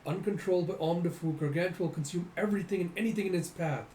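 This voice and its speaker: A man's voice: high voice, quick pace. Man reading comics with sound effects. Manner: animated, acts out sound effects. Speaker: comic readthrough host. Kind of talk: casual comic readthrough. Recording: echoey room, faint noise.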